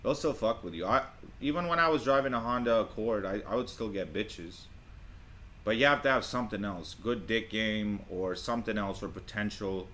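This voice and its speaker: A man reacting to clips with boastful, blunt commentary and plenty of swearing. His voice is bright and forward. He talks in a casual, cocky way. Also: on the low side, normal speed, a little hiss or hum.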